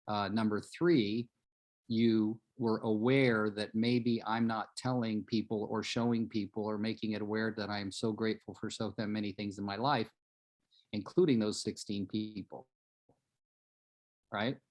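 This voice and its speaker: Earnest motivational male coach. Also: on the low side. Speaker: real estate coach. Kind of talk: live coaching call.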